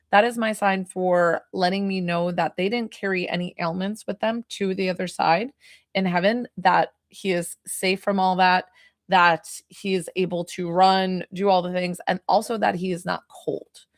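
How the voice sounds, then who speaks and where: A chatty woman gives a live psychic reading, piling up "like" fillers as she goes. Her voice sits at a middling pitch. The sound is dry and close, with no room echo. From New York. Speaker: psychic medium.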